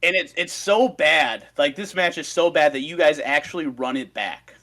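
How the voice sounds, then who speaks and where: A man's voice: on the high side, moderate pace, bright, forceful tone. A man on a podcast, recounting a story in a swearing, ranting casual chat. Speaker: podcast co-host presenting research.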